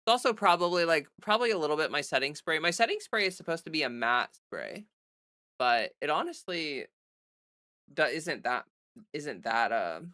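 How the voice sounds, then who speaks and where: A woman talking off the cuff on a home livestream, her voice bright and forward. She rambles through fillers and restarts and stays blunt and defiant, swearing freely. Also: low voice, expressive, moderate pace. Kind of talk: casual livestream chat. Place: home streaming setup under bright lights.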